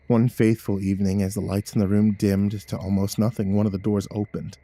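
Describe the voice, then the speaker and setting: A man reads a horror story aloud in a low, mellow voice, keeping a measured and somber pace. The sound is close and dry, with no room around it. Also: level tone, dry recording. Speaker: narrator. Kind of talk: scripted horror story narration.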